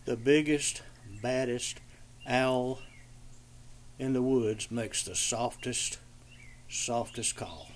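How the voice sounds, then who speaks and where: A man's voice: medium pitch, steady tone, slow, pauses often, a little hiss or hum. An older man with a Southern American accent chatting casually outdoors in a backyard, rambling in a folksy way and imitating bird calls. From southeastern Georgia, USA. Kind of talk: casual outdoor chat with bird call demonstrations.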